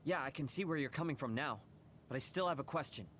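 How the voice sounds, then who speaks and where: A man's voice: fairly high pitch, fast talker, fairly bright tone, a little hiss or hum, close to an everyday voice. An actor voicing a blunt, hot-headed young man who confronts his leader in a video game. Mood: confrontational. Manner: brash, confrontational.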